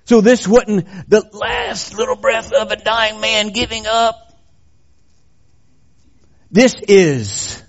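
A male pastor delivering a sermon in a high voice at an unhurried pace. He speaks emphatically and builds to fervent proclamation. The recording sounds dull and lo-fi. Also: big pitch swings.

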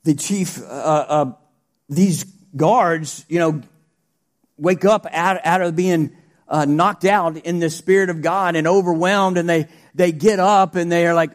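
A man preaching a sermon, animated, swinging between shouted praise and quiet asides. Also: sits high, measured pace.

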